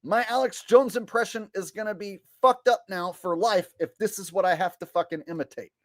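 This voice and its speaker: A man's voice: high voice, fairly quick, dry recording, clean studio sound. Exasperated, swearing male commentary vlogger. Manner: profane, exasperated ranting. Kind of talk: ranting commentary.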